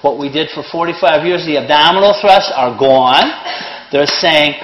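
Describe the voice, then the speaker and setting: A man's voice: fairly high pitch, normal speed, highs cut off. A middle-aged man teaching a CPR class with blunt, sarcastic jokes between his instructions. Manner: sarcastic, blunt, joking, lively. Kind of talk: classroom lesson with joking asides. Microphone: handheld or worn microphone. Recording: echoey room, faint noise.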